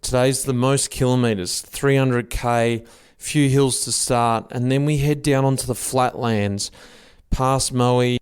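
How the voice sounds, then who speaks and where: A man's voice: mid-range voice, fairly even intonation, takes it slowly, clear, resonant tone, dry recording. An Australian man hosting a podcast, chatting casually and matily with riding companions outdoors on a bike trip. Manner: chatty, matey banter. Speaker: podcast host. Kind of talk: casual on-the-road chat.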